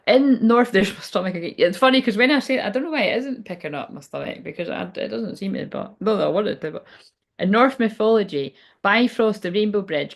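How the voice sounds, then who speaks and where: A woman doing a casual card-reading livestream. She chats and rambles, swears freely, laughs often and reads the card text aloud. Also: mid-range voice. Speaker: tarot and oracle card reader.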